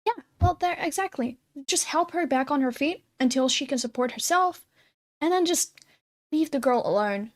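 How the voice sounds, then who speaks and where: A woman's voice: sits high, lively intonation, moderate pace. A woman in a heated conversation, lecturing and confrontational.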